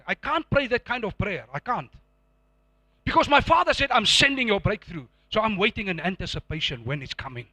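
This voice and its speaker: High, lively, bright-voiced male preacher. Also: fairly quick, dry recording. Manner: emphatic call-and-response preaching, repeats phrases. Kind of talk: sermon. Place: church before a live congregation.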